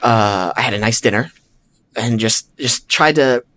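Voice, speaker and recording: A man in the middle of pitch, hosting a podcast and telling a personal story. He talks casually and with a lot of animation, and keeps slipping into lines of his own inner thoughts. He leans on fillers like "like" and "you know". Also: measured pace, pushed and bright. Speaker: podcast host.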